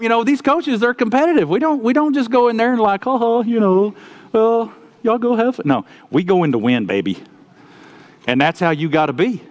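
A man preaching a sermon, telling folksy stories and swinging between loud outbursts and quiet asides. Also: sits high. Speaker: pastor.

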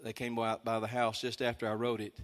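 A man from East Texas with an East Texas accent, preaching a testimony sermon as a singing preacher, telling a story and breaking into shouts of praise. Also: medium pitch, completely flat delivery, fairly quick.

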